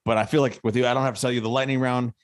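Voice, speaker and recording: A man's voice: medium pitch, level tone, very fast, heavy background noise. A man hosting a casual podcast chat. He swears freely and laughs often. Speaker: podcast host. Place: Nashville.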